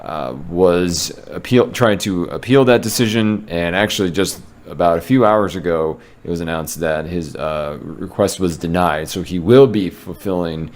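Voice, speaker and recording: A man with a very low voice co-hosts a casual sports podcast. He rambles and corrects himself as he goes, with frequent filler ums. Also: normal speed, hardly any pauses, darkish tone. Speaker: podcast co-host.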